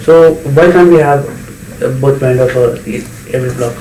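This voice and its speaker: A man's voice: medium pitch, normal speed, dark tone, a little hiss or hum. A man explaining his view at length in a casual group discussion, with hesitant fillers. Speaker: discussion participant. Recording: echoey room, faint ambience.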